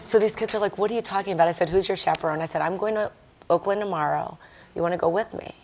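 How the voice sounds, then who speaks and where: A woman with a slightly low voice tells a story to a live panel audience. She is animated and lively, acting out the lines of the people in her story. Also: fast talker, slight background noise. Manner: animated, acts out quoted voices. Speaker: panel guest speaker.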